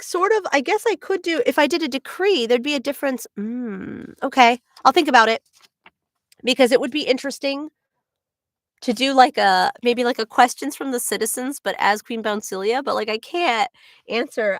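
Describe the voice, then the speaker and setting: A woman's voice: medium pitch, a bit bright, dry recording, studio quality. A woman voice actor chatting casually on a livestream, laughing often and filling her talk with "like". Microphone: own microphone.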